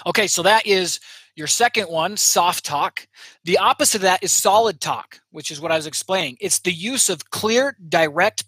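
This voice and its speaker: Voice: medium pitch, pushed and bright, husky, no room sound. A communication coach giving a motivational teaching talk, asking the audience rhetorical questions and acting out short example phrases.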